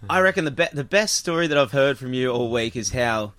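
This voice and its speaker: A man, hosting a casual chat and telling stories in a lively way, with swearing. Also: mid-range voice, fairly quick. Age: 30s.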